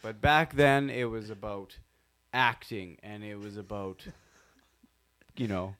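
A man's voice: on the low side, steady tone, slow pace, a bit bright. Blunt ranting man. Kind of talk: casual chat.

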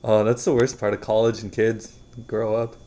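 Giggly man making quick remarks. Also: lowish voice, little pitch movement, dark tone. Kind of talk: casual chat.

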